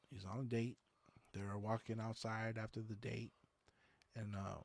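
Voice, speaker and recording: A man's voice: on the low side, creaky, darkish tone, no echo. A man hosting a podcast, chatting casually in a rambling, conversational way and reading viewer comments aloud. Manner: rambling, conversational, many fillers. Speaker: podcast host.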